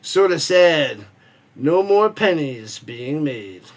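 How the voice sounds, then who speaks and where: Man with a high voice, casual stream host, rambling and joking, calls the plays. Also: sing-song, slow pace. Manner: rambling, joking, reads chat messages aloud. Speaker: watch party host and play-by-play caller. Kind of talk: casual live-stream chat with play-by-play.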